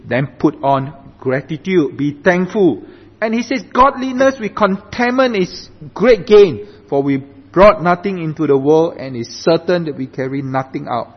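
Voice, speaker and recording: Slow emphatic male pastor, echoing hall. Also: a little high. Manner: slow and emphatic, often asks "right?". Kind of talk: sermon. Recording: dull recording with long hall reverb.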